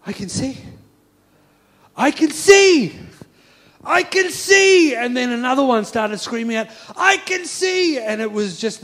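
Fervent preacher, slightly high voice. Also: male voice, mellow. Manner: fervent storytelling with emphatic repetition. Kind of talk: sermon.

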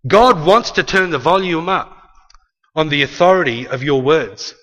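A man's voice: on the high side, lively intonation, normal speed, pushed and bright. A man preaching a sermon to a congregation in an emphatic manner, repeating key phrases and acting out quotes. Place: church hall with a live congregation. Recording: long reverb of a large hall.

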